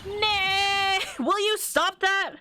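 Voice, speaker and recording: A woman's voice: very high-pitched, steady tone, very slow, background noise, pitched above the performer's own voice, exaggerated voice. A woman voicing an eager, curious young woman sidekick. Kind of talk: reading game dialogue aloud.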